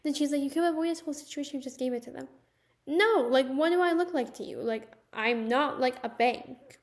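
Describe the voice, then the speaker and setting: A young woman telling a personal story in a casual, animated storytime manner, with lots of "like"s. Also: high-pitched, a little fast. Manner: chatty, animated storytelling with many "like"s. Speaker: vlogger.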